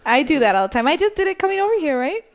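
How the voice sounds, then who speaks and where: Chatty woman with a higher voice. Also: racing. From California. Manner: chatty, animated storyteller, laughs at herself. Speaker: guest. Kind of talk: casual chat.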